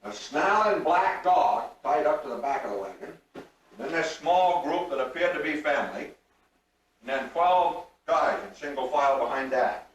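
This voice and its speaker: A man's voice: fairly high pitch, expressive, normal speed. An older man tells drawling, folksy jokes. His voice is heard from far off in a very echoey room, with faint room noise behind him. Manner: drawling rural humor, acts out the punchlines. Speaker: storyteller. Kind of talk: folksy joke telling. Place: large room at a reunion.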